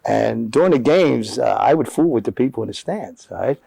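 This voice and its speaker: Speaking a little fast in a gravelly, husky mid-range voice, this former basketball player from Jersey City, New Jersey, is an older man spinning stories as an interview guest. The recording is dry. He's animated and casual, often checking in with listeners by adding "all right?"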